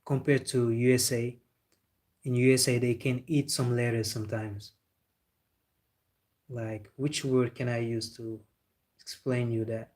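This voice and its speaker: Young guy on his livestream, flat-ish voice, chatty, laughs a lot answering chat. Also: medium pitch, unhurried, pauses often. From Senegal. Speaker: football livestream host.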